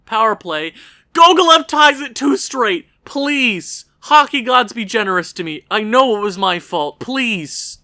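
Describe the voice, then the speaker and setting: A man commentating his own hockey video game session, swinging into frustrated yelling at his goalie. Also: extremely high pitch, lively intonation, unhurried, no echo, clean studio sound. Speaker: gaming YouTuber.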